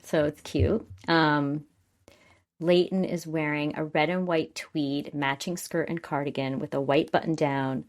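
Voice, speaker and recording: A woman's voice: deep voice, a little slow. A young adult woman co-hosting a podcast, chatting casually and recapping scenes, often acting out what characters say. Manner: quotes characters in lively voices, chatty, laughs often. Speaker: podcast co-host.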